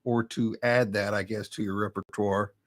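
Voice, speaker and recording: A man's voice: fairly low pitch, normal speed. Laid-back guy hosting a podcast, easygoing chat, keeps agreeing with the guest. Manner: relaxed, conversational, affirming. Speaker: podcast host. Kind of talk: casual interview chat.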